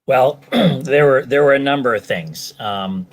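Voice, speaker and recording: A salesman from British Columbia, Canada, appears as a guest answering interview questions, rambling with plenty of ums and restarts. His mid-range voice is expressive and unhurried.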